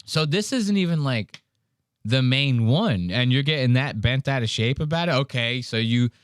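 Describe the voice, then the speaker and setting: A man's voice: mid-range voice, lively intonation, normal speed, no echo, clean studio sound. A man hosting a podcast, casually reacting to a clip in a blunt, profane, mocking way. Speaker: podcast host.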